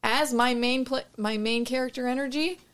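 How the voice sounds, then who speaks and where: A woman's voice: fairly high pitch, steady tone, normal speed, fairly bright tone, smooth. A young woman, a barista, chatting frankly and swearing freely as she tells a story. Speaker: barista, podcast co-host. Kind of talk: casual chat, storytelling.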